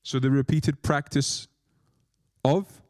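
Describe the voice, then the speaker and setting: A man's voice: mid-range voice, steady tone, slow pace, a little mellow, no room sound, clean studio sound. A man, a monk, giving a spiritual lecture with playful, self-mocking asides and short phrases repeated for emphasis. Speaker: monk teacher.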